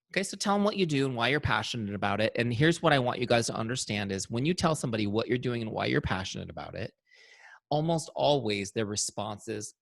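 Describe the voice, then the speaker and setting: Energetic man coaching a sales training. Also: mid-range voice, quick pace, vocal fry, no echo, clean studio sound. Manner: energetic, coaching, demonstrating software on screen. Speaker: trainer and software founder.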